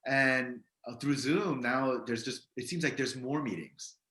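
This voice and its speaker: An American man speaking as a guest on a video-call interview, relaxed and laughing often, tending to trail off with "so". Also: medium pitch, unhurried. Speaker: guest, business leader. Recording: roomy echo.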